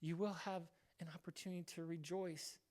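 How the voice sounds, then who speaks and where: A man's voice: sits high, little pitch movement, a little fast, a little mellow. A male pastor giving a casual, conversational sermon, acting out short quoted voices now and then.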